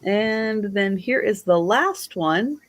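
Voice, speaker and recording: A woman hosting a live online sale, showing items slowly and admiringly and counting down the bidding. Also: medium pitch, lively intonation. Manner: slow, admiring, auctioneer-style counting.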